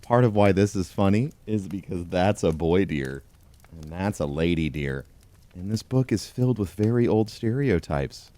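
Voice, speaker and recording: A man reading a pun book aloud in a dry, deadpan comedic tone, chuckling along. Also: low voice, normal speed, no room sound. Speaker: comedy host.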